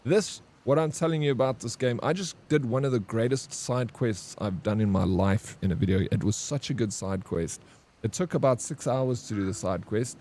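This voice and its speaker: A gaming streamer with a mid-range, dark-toned voice talks at a normal speed over slight background noise. He's chatty and casual, swearing freely, calling viewers "bro," and reacting to messages from his chat.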